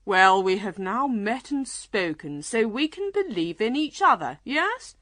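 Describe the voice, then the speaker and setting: A woman's voice: mid-range voice, sing-song, a little slow, a bit bright, no room sound, clean studio sound, pitched above the performer's own voice. A woman voicing a bossy storybook unicorn. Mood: coaxing. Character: proud bossy male unicorn, storybook creature.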